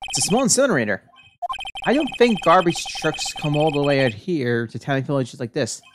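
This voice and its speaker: A woman streamer reading a video game's text aloud in a plain, low-key way, adding small asides as she plays. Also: expressive, fairly quick, background noise. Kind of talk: reading game dialogue aloud while playing. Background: game music.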